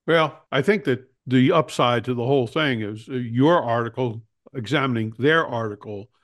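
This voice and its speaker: A man's voice: mid-range voice, moderate pace. A man hosting a talk show, chatting casually about politics with wry jokes. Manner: wry, joking.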